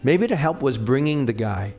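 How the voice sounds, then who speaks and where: A man's voice: medium pitch, animated, normal speed, darkish tone, soft background music. A middle-aged man preaching a sermon with personal stories, talking conversationally and often checking in with the congregation. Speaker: pastor.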